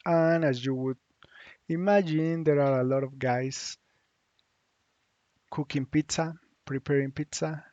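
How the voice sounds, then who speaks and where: A man teaching a lesson, thinking aloud slowly with hums and restarts as he works on screen. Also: medium pitch, steady tone, a little mellow, dry recording, highs cut off. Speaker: Spanish teacher. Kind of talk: screen-share language lesson.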